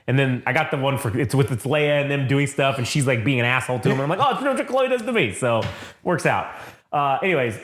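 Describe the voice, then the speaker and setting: A man's voice: medium pitch, fairly quick. A man co-hosting a comic-book podcast, rambling loosely, swearing a lot and mocking himself. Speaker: podcast co-host. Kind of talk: casual comic-book chat. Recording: roomy echoey room.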